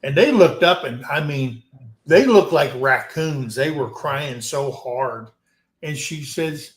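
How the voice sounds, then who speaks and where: An American man hosting a casual live-stream chat, telling long stories in a rambling, unhurried way. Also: a little high, lively intonation, echoey room. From United States. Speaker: host.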